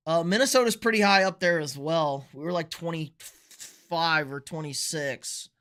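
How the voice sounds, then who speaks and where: A young man with a bright, forward voice runs a live football picks stream. He talks in a loose, rambling way and reacts to viewer chat as it comes in. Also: fairly high pitch, a little slow. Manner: casual, rambling, reads and answers viewer chat. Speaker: sports show host.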